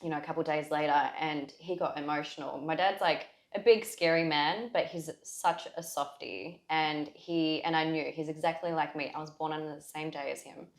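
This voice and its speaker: A woman with a notably low voice shares a deeply personal story as a podcast guest, circling back and restarting her sentences with lots of "like"s. Her voice carries a roomy echo from the space around her. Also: steady tone, moderate pace, few pauses. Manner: heartfelt, rambling with many "like"s and restarts.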